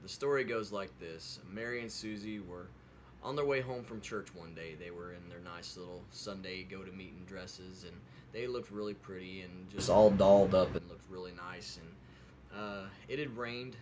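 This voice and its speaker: A man's voice: low-pitched, normal speed, noisy background. A man telling a folksy story in a casual, rambling way with many fillers, then closing with an earnest preaching tone. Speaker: video host telling a devotional story. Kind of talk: casual storytelling with a sermon close.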